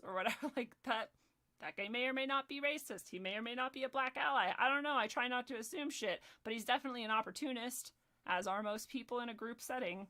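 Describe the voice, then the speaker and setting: A woman's voice: fairly high pitch, fast, pushed and bright. A woman hosting a livestream, ranting in a heated, profane and sarcastic way, reading the chat now and then. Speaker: livestream host.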